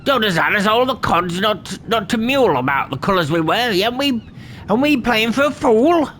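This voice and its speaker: A man voicing a gruff, stern ship's captain who scolds his crew with old-fashioned insults. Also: high-pitched, expressive, normal speed, a bit bright, a little hiss or hum. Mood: angry.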